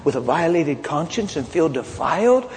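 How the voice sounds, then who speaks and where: Pastor, male, lively and blunt storyteller, slightly high voice, big hall reverb with faint room noise. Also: moderate pace. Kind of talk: sermon.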